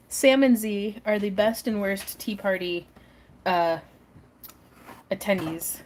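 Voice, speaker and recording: A chatty woman hosts a casual crafting livestream, talking easily to her viewers and pets. Her voice sits at a middle pitch and she laughs often. A faint noise hums behind her. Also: slow, pauses often, darkish tone.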